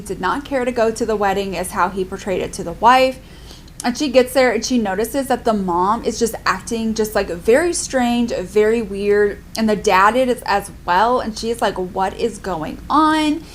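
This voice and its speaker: Speaking at a normal speed in a mid-range voice, a young adult woman chats through a book review vlog over slight background noise. She rambles in a chatty way, sprinkling in plenty of "like."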